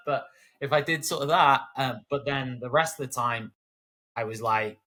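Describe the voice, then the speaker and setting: A British man talking in a bright, forceful voice with medium pitch. He tells stories with energy and acts out the voices of the people he quotes, as a guest on an interview podcast. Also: measured pace. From United Kingdom. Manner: animated storyteller who acts out quoted voices. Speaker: guest, education broadcaster. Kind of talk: conversational interview.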